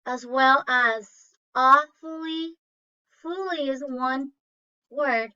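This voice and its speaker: A woman teacher with a high-pitched, pushed and bright voice leads an online phonics lesson, reading aloud and sounding out each syllable and vowel sound slowly and deliberately. The recording quality is dull and lo-fi.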